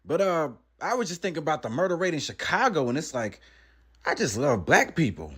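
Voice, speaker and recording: A man's voice: fairly high pitch, big pitch swings, brisk, fairly bright tone, slightly rough, heavily acted. A man doing a comedy impression of a laid-back male rapper who answers in a mumbling, defensive, sheepish way. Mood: evasive.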